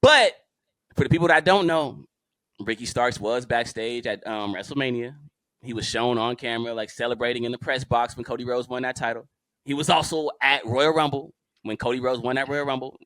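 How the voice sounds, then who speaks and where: A man co-hosting a podcast, talking in a slangy, joking, animated casual chat. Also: medium pitch, fairly quick, no echo. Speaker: podcast co-host.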